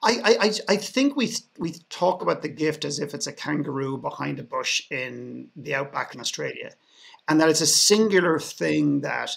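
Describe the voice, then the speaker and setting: A man's voice: a little high, normal speed, vocal fry, a bit bright. An Irish man, a podcast guest, telling a story in a sarcastic way, often restarting his sentences. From Ireland. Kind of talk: storytelling in a panel conversation.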